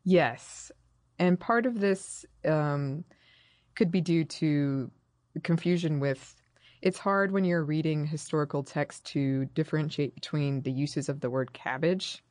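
Low-voiced woman co-hosting a chat. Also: a little slow, darkish tone, no room sound, clean studio sound. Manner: reads quotes in a put-on voice. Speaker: podcast co-host. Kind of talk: casual chat. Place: recording studio.

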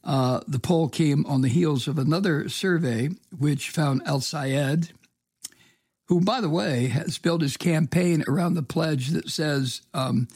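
A man's voice: on the high side, takes it slowly, darkish tone, slightly rough, dry recording, studio quality. An American man giving casual news commentary, angry and sarcastic, swearing, with many ums and uhs. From United States. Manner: angry, sarcastic, profane ranting with many fillers. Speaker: political commentator.

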